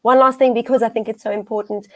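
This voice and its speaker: Encouraging woman host, a touch high. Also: steady tone, no echo, low-quality recording. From South Africa. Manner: warm, encouraging, quick affirmations. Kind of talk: casual panel chat.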